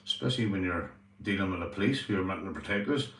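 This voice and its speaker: A man's voice: low voice, fast talker, a bit bright. A Northern Irish man in casual vlog chat, rambling and swearing, often saying "you know". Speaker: vlogger, police auditor. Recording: roomy, from a distance.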